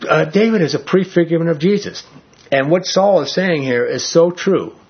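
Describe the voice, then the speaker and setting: A man's voice: fairly high pitch, normal speed, husky, lo-fi sound. Man teaching a casual Bible sermon. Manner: conversational, folksy asides and frequent "all right?" checks. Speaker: pastor.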